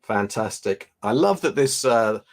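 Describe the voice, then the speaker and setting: A man's voice: lowish voice, expressive, unhurried. A man hosting a casual live unboxing stream, chatting loosely and reading viewer comments aloud. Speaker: livestream host.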